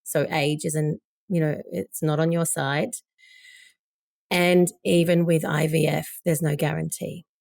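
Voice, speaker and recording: A woman's voice: low-pitched, level tone, measured pace, creaky, a little mellow, no echo, studio quality. A woman in her forties, a podcast guest, telling a personal story candidly and with emotion. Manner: emotional, candid, quoting others.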